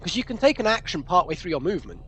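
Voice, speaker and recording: Male tabletop player, high and bright-voiced, excitable, casual. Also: rapid-fire, a little hiss or hum. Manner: excitable, shouts in-character lines. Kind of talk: casual tabletop game chat.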